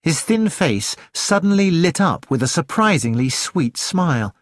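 Slow, measured audiobook narrator. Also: medium pitch, sing-song, no echo, studio quality. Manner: measured, plain storytelling. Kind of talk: scripted narration.

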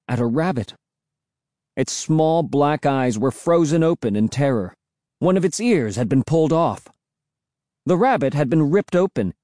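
A man's voice: medium pitch, mellow, dry recording, studio quality. A man narrating a first-person story in dramatic audiobook style.

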